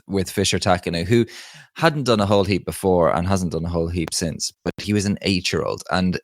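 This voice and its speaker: A man with a very low voice talks with emphatic enthusiasm, co-hosting a casual podcast. The sound is dry and close, with no room at all. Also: no room sound. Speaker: podcast co-host.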